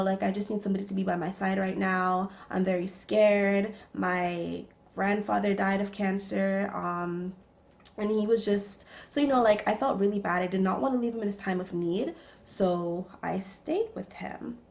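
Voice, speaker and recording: A young woman telling a personal story to the camera in a casual, animated way, with lots of fillers. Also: medium pitch, vocal fry. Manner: animated, chatty, many fillers. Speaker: vlogger.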